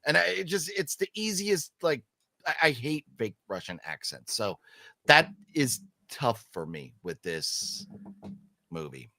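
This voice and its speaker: A man's voice: medium pitch, sing-song, unhurried, pushed and bright, no echo, studio quality. A man hosting a casual movie chat, opinionated and emphatic, rambling with restarts. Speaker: podcast host.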